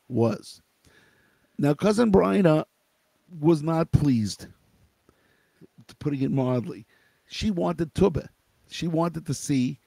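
A man's voice: fairly high pitch, gravelly, mellow, no room sound. A middle-aged man hosting a live show, telling a family story in a conversational way and asking his listeners questions. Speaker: host.

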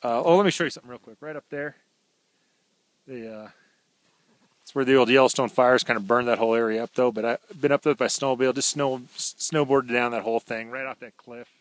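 A relaxed man strolls through snowy woods, filming himself on a handheld camera. He talks in a loose, deadpan, slang-heavy ramble full of "uh" and "just." It sounds like an offhand video diary. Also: mid-range voice, fast, dry recording. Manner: laid-back, slangy, deadpan rambling with fillers. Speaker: vlog host. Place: outdoors in snowy woods by his house.

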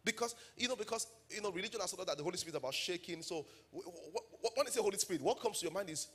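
A man's voice: high-pitched, expressive, rapid-fire, few pauses, fairly bright tone, breathy edge. A man with a Nigerian English accent preaching a sermon as pastor, telling stories and building to emphatic calls to the congregation.

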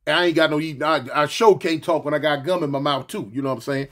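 A man's voice: on the high side, brisk, a bit bright. A middle-aged man with a lisp, telling a story from his past in casual, slangy speech with many fillers and restarts.

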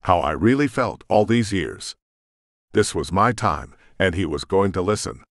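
A man's voice: sits low, lively intonation, a little slow, dry recording, studio quality. A man narrating a first-person audiobook with tense, emotional storytelling.

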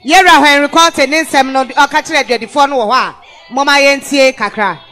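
A male host from Ghana giving animated news commentary, emphatic and repetitive, often rising to shouts for stress. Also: very high-pitched, fairly quick, soft background music. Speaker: radio-TV news review host.

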